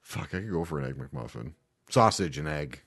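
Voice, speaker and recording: A man's voice: extremely low pitch, expressive, normal speed, gravelly, fairly bright tone. A man hosting a casual podcast chat, joking and swearing freely. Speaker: podcast host.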